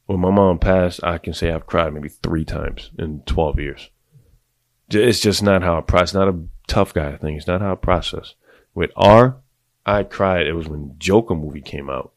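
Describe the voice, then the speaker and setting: A deep-voiced middle-aged man hosting a podcast, giving blunt, profane, confessional advice to other men in a casual monologue. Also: normal speed, no room sound. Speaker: podcast host.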